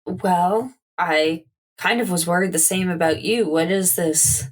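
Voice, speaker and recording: Low-voiced woman playing her character. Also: a little slow. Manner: earnest, speaks as her character. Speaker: player. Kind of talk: in-character tabletop play.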